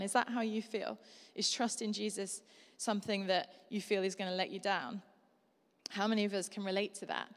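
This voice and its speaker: A young woman preaching a sermon in a conversational, animated way. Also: medium pitch, a little fast. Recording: long hall reverb.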